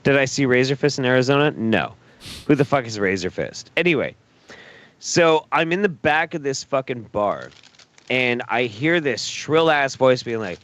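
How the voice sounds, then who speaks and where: A man's voice: medium pitch, lively intonation, moderate pace, fairly bright tone. A man telling a rambling, profane story on a casual podcast.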